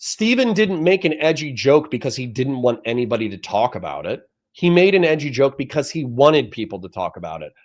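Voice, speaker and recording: A man's voice: mid-range voice, very animated, a little fast. A young adult man streaming political commentary, reading chat messages and lecturing his audience in a heated, profane rant.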